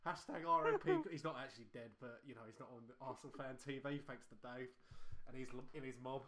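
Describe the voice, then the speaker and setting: A man's voice: medium pitch, fairly even intonation, fast, crowd noise. A man hosting a casual podcast over a video call, commenting with amused laughter. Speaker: podcast host.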